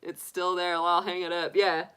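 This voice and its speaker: Hosting a tarot livestream, a middle-aged woman talks casually with her live viewers, laughing frequently amid plenty of likes and restarts. Her voice is on the low side, clear and resonant, with a sharp tone, flat delivery and moderate pace.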